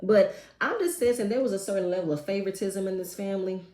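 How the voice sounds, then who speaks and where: A woman recaps reality TV in a sassy, expressive way, dropping slangy asides as she goes. Her voice sits at a middle pitch. It sounds echoey, as if recorded in a bare room. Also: fast talker. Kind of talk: casual TV recap commentary.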